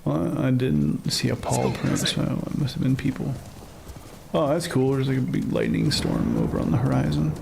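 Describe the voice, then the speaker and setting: Gravelly wry male streamer from Ohio. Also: mid-range voice, huge pitch swings, normal speed, noisy background. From Ohio, USA. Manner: wry, rambling asides. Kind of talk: casual gameplay commentary.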